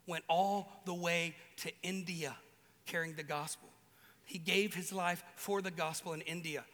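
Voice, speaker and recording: A man preaching with a high, bright voice, animated and playful as he acts out little voices. His sound carries a long reverb from a big hall. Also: vocal fry. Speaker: pastor. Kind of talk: sermon.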